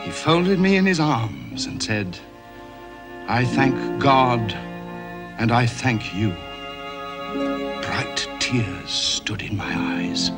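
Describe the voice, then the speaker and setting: A boastful, excitable emperor in a period television drama. His talk swings from exultant bursts to hushed confidences. Loud music plays beneath him. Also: mid-range voice, drawn-out words, long pauses, exaggerated voice. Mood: recounting. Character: boastful excitable middle-aged emperor scheming. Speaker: emperor recounting a meeting. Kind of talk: 1970s television drama acting.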